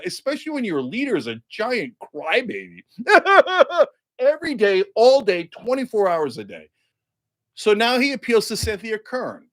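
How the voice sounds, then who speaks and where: A man hosting a political commentary show, delivering a mocking, sarcastic monologue. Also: on the high side.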